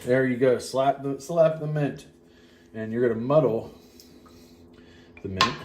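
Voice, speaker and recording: Mixing a cocktail at home in a farmhouse, this male co-host chats casually and wanders off into rambling tangents. His voice is mid-range and measured, set against a noisy background.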